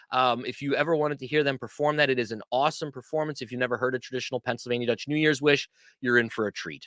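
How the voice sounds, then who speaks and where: A man hosts a casual livestream, chatting in a loose, rambling way and poking fun at himself. His voice is bright and forceful. The sound is dry and close. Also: on the high side, dry recording. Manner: chatty, rambling, self-deprecating. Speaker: host.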